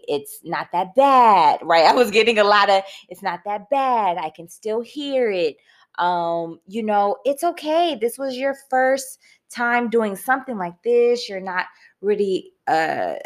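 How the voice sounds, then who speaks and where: A young woman hosting a podcast, telling a personal story candidly and expressively, calling her listeners "y'all" and breaking into loud, laughing outbursts. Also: mid-range voice. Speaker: podcast host.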